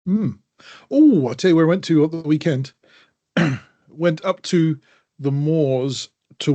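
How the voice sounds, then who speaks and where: A man's voice: medium pitch, a little mellow, no room sound. A man co-hosting a podcast in casual chat, teasing and enthusiastic. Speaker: podcast co-host.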